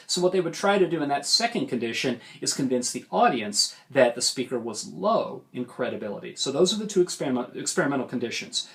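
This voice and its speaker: A middle-aged man teaching public speaking in a recorded lecture, animated and demonstrative, swinging his voice up and down to show range. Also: medium pitch, fairly quick, hardly any pauses. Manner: animated, demonstrates big vocal range and gestures.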